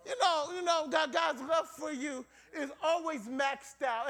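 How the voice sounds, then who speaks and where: A middle-aged man preaching a sermon as pastor, repeating phrases and building to shouts in a call-and-response cadence. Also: very high-pitched, unhurried, hardly any pauses, some chatter behind.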